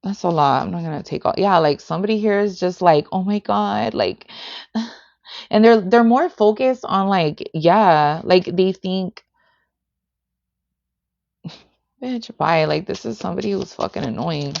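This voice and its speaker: A woman's voice: on the low side, a little slow, creaky, long pauses, darkish tone, lo-fi sound. A woman reading tarot on a livestream, blunt and heavily profane, filling her talk with "like". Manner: profane and blunt, heavy "like" and "bitch" fillers. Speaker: tarot reader.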